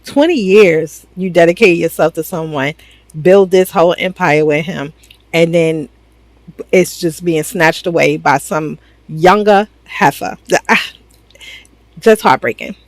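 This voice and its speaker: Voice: medium pitch, a little slow, no echo, low-quality recording. A reviewer recapping a TV drama in a casual, blunt, slangy way, acting out the characters' lines. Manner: animated, acts out the characters' lines.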